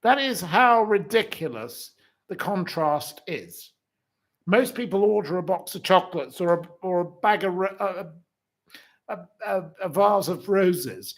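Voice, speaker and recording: Slow-talking, indignant man in his forties. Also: sits high, lively intonation. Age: 40s. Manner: indignant, repetitive, heaps up insults. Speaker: channel host. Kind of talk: ranting livestream commentary.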